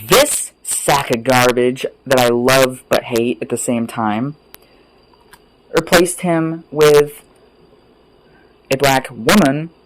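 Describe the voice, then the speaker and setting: A man ranting off the cuff as a vlogger, angry and sweary, rambling between loud outbursts and low mutters. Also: background noise. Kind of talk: profane off-the-cuff rant.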